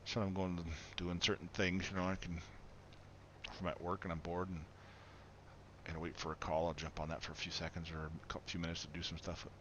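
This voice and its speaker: A man's voice: sits low, flat delivery, fairly quick, fairly bright tone. A man chatting casually and rambling as he streams a farming game, laughing often. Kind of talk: casual live-stream commentary. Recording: dull lo-fi stream mic with faint noise.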